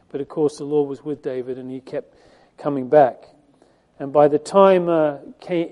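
Male preacher, conversational and emphatic sermon delivery, slightly high pitch, very warm dark timbre. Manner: conversational, emphatic, with frequent fillers and restarts. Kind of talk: sermon, Bible teaching.

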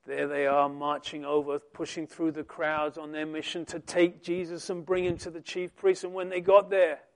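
A man preaching a sermon, reading scripture aloud and swelling loud and slow on the quoted lines. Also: high-pitched.

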